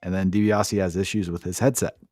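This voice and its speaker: A man's voice: low voice, little pitch movement, fairly quick, a little mellow, no echo, studio quality, faint music behind. A man co-hosting a podcast, giving a sarcastic, profane play-by-play recap in casual chat. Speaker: podcast co-host.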